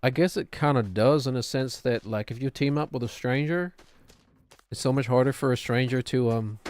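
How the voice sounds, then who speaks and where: A man's voice: medium pitch, normal speed, darkish tone, clean tone. A man, chatting casually and rambling while he streams a game. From New Zealand. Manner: rambling, musing, self-deprecating. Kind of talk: casual gameplay chat.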